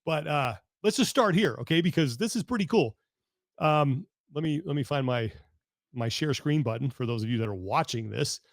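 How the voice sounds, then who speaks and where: A man with a slightly high voice hosts a podcast over a video call. He talks in a dry, close sound and tells a long story with an animated, exasperated energy. He restarts his sentences often. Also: moderate pace, no room sound. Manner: animated, exasperated rambling with self-interruptions. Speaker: podcast host. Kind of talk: casual storytelling chat.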